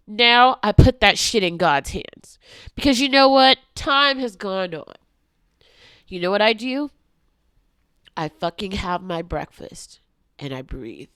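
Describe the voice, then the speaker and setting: A woman vlogger in an angry confessional rant, heavy with swearing, swinging between hushed whispers and shouting. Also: mid-range voice, no room sound.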